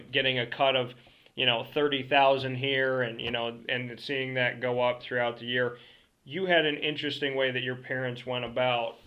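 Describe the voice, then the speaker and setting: A male interviewer asks long, rambling questions in an even, flat voice. The recording is dull and lo-fi. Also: mid-range voice. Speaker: interviewer, host. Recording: dull lo-fi sound.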